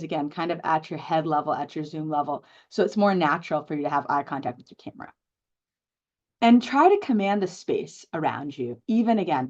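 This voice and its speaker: A woman physician leads a live lecture on public speaking, coaching in a lively, direct way with quick asides to the room. Her voice sits a little low for a woman. The audio is dull and lo-fi. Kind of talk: live lecture to an in-person and online audience.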